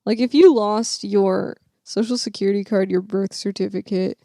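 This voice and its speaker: A woman's voice: medium pitch, fairly even intonation, moderate pace, mellow, no echo, clean studio sound. A young woman co-hosting a podcast in casual chat, joking and laughing often. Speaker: podcast co-host.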